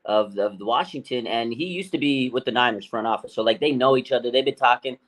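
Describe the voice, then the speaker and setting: Excited man co-hosting a sports stream. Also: mid-range voice, quick pace, poor audio. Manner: excited, rambling storytelling. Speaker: podcast co-host. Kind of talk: casual sports talk stream.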